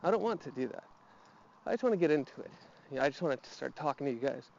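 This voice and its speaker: A man's voice: a little high, animated, quick pace, creaky, darkish tone, dull audio, slight background noise. A man talking casually while walking his dog outdoors, a little out of breath and slightly nasal, rambling with restarts and fillers. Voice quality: a bit nasal. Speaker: podcast host.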